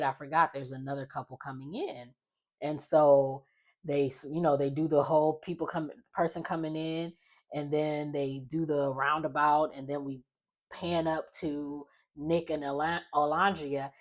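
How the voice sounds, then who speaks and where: A young woman recapping a reality show in a casual, rambling way, full of fillers and quoted asides. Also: low voice.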